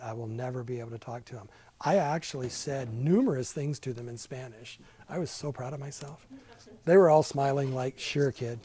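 A man's voice: medium pitch, warm tone, low-quality recording. An older man teaching a casual Bible class in a church classroom, chatty and self-deprecating, with many asides.

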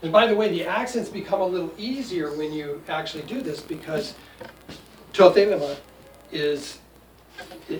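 Older man in his 60s, patient teacher with dry jokes; fairly high voice, echoey room, mic far away. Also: darkish tone. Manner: patient, explanatory, wry asides. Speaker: Greek teacher. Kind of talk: classroom lesson. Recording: echoey room, distant mic, faint noise.

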